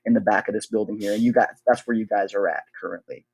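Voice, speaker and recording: A male game master with a husky voice narrates a tabletop game in a loose, rambling way, full of fillers. The sound is dry, as if close to the mic. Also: lowish voice, fairly even intonation, fast, no echo.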